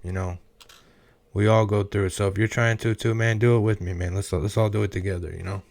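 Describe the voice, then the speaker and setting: A man hosting a reaction video, talking casually in a halting, emotional way and filling his talk with "man". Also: fairly low pitch, fairly even intonation, gravelly, a little mellow, no echo.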